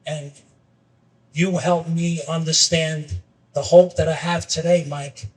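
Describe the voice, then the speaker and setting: A man's voice: a little high, level tone, slow, breathy edge, distant mic, low-quality recording. A man talking as a podcast guest, earnestly telling a story and acting out its characters in a raised voice. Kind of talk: candid conversation with storytelling.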